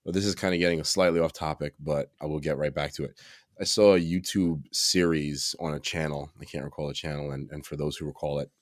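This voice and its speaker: A man's voice: a bass voice, fairly even intonation, brisk, no room sound, studio quality. A man co-hosting a podcast in casual chat, wandering into asides and correcting himself as he goes. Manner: meandering, self-correcting asides. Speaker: podcast co-host.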